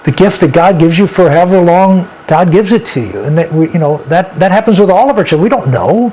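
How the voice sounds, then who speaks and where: A man as an interview guest, telling a personal story in an earnest, halting way with frequent restarts. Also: high voice, lively intonation, dark tone, a little hiss or hum.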